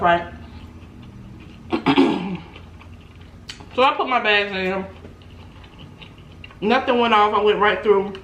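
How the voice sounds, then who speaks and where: Animated woman telling a story, roomy echo. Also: medium pitch. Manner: animated, laughs often, acts out quotes. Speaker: mukbang vlogger. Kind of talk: casual storytelling chat. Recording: roomy echo, faint background noise.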